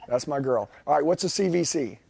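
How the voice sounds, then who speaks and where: Dark husky insistent salesman. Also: on the high side, expressive, fairly quick, no echo. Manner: rambling, insistent, persuasive. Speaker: salesman on a phone call. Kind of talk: high-pressure sales pitch.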